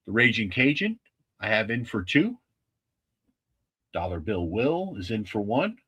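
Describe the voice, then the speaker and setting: Low husky guy rambling through his live stream, lots of restarts. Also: big pitch swings, fairly bright tone. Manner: rambling, halting, with many restarts. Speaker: livestream host. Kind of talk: casual livestream chat.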